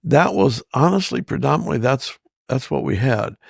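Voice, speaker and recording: An older man, a guest pastor, talking haltingly in an interview and often repeating his words. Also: mid-range voice, animated, gravelly, no echo, clean studio sound. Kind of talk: conversational interview.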